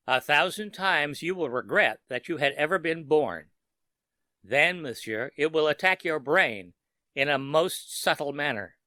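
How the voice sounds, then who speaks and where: A sinister, coldly gloating wizard, as a man puts him on, lays out each threat slowly and precisely. The voice sits a little high and has a bright, forceful edge. It sounds dry and close, with no room around it. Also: dry recording. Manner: slow, menacing and precise.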